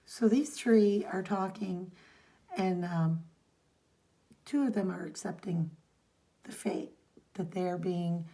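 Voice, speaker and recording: In a warm voice on the low side, a podcast co-host recaps a comic's storyline slowly, pausing often. She's casual and rambling, reading lines of dialogue aloud.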